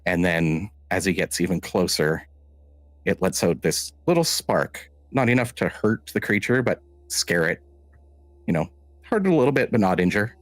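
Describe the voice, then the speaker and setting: A very low-voiced man, acting as game master, narrates a tabletop scene with animation but in a measured, halting way, often starting his sentences over. The recording is close and dry, with no room sound.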